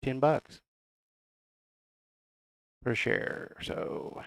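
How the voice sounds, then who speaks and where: A man's voice: very slow, no room sound. A middle-aged man with a Southern US accent, reading out price levels in casual, folksy chart commentary. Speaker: crypto chart analyst.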